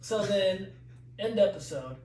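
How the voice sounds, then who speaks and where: Brief: animated profane storyteller, high voice, podcast guest, echoey distant mic. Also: male voice, takes it slowly, slight background noise. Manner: animated, profane, laughs while telling stories. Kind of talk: casual storytelling.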